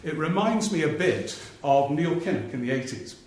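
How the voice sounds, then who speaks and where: A political journalist performs a live one-man stage talk, telling anecdotes in a high, animated voice at normal speed and acting out politicians' voices for laughs. The theatre recording is very echoey with faint noise, and the audience can be heard laughing.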